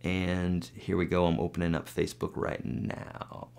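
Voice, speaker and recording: A man's voice: sits low, completely flat delivery, measured pace, creaky, darkish tone, clear, resonant tone. A man teaching guitar on a live webcast, reading out viewer questions and answering them in a loose, chatty way.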